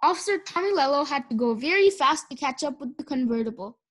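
A woman reading a children's picture book aloud in a clear, steady voice. Her voice sits high for a woman. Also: quick pace. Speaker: audiobook reader. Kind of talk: storybook read-aloud.

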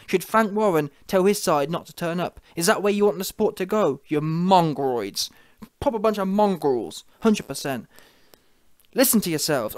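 Young male commentator, slightly high voice, dry close recording, sneering and combative, breaks into mocking impressions. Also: dry recording. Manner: mocking, confrontational, mimics opponents' fans in sing-song voices. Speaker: boxing commentary host. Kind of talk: ranting video commentary.

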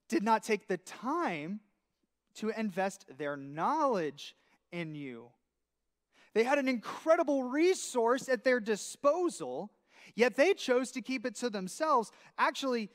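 A man preaching a sermon, telling a story with lively acted-out dialogue. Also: very high-pitched, in a large hall. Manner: animated storytelling, acting out dialogue. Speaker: pastor. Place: church sanctuary.

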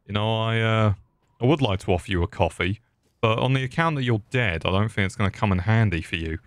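Cracking jokes at the game's characters, a young English YouTuber delivers sarcastic, profane let's play commentary. His fairly low voice moves fairly quickly, and the recording is dry.

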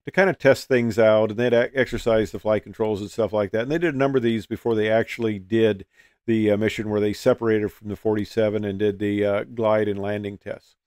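A man's voice: lowish voice, steady tone, brisk, darkish tone, clean tone, dry recording, clean studio sound. An older man and retired pilot telling a casual, folksy story, with many fillers and restarts.

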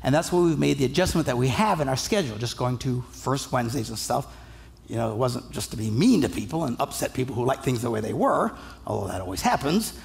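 A male pastor delivering a sermon, telling stories in a lively, humorous way and acting out the people in them. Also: medium pitch, fast, gravelly. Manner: animated, humorous storytelling with acted-out voices.

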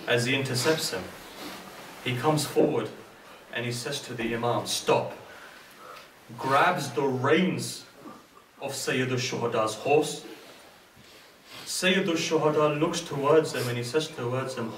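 A man's voice: medium pitch, background noise. A British man preaching a sermon, telling a story dramatically and voicing each figure in turn. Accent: British English. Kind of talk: majlis sermon narration. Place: mosque hall. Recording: echoey hall, distant mic.

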